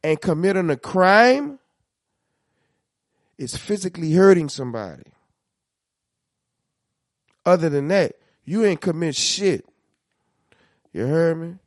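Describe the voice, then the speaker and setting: A man with a New Orleans accent talks in loose, animated podcast chat, his voice sitting a little high. He swears freely and acts out what people said. The sound is close and dry. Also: takes it slowly, pauses often, no echo. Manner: animated storytelling, swears a lot, acts out quotes. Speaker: podcast co-host. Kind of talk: casual chat.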